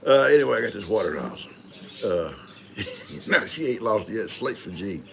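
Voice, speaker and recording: A man's voice: on the low side, sing-song, moderate pace, creaky, a little hiss or hum. An older man hosting a live stream, rambling in a folksy way and greeting viewers one by one. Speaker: livestream host. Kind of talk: casual live chat.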